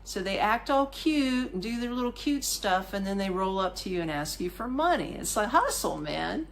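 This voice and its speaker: A woman's voice: mid-range voice, normal speed. Chatty woman telling a travel story. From United States. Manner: animated, colloquial, chatty asides to the listener. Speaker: podcast host. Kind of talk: casual storytelling monologue.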